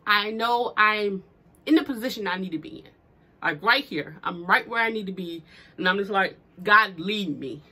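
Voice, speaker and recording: A woman's voice: medium pitch, moderate pace, slightly rough. A young woman vlogging about her small business, teary and emotional, speaking in fervent motivational declarations. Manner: animated and expressive, many fillers. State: teary from crying. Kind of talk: casual heartfelt talk to camera.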